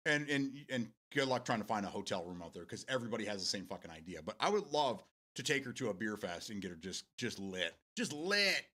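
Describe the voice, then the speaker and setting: A man's voice: fairly low pitch, lively intonation, quick pace, hardly any pauses, fairly bright tone. An American man hosting a live stream, chatting casually with viewers in a rambling way and laughing often. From United States.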